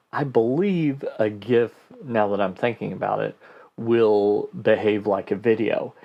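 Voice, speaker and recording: A man hosting a casual question-and-answer podcast, answering listener questions in a relaxed way and thinking aloud with fillers. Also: lowish voice, gravelly. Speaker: host.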